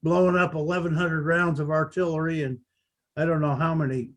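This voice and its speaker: A man in his seventies, a veteran telling his account of a battle, halting often with fillers. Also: a little high, flat delivery. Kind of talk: unscripted recollection.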